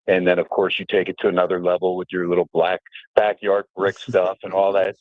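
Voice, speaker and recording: Middle-aged radio guest, chatty storyteller, dry and phone-thin. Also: male voice, low-pitched, brisk, no room sound. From New Jersey. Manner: animated storyteller, fillers, mimics voices. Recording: tinny phone-line audio.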